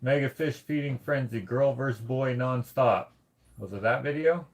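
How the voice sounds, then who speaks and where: A man from Canada hosting a casual livestream, reading viewer comments aloud and rambling as he thinks out loud. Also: mid-range voice, normal speed. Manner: rambling, thinks out loud while searching things up. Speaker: livestream host.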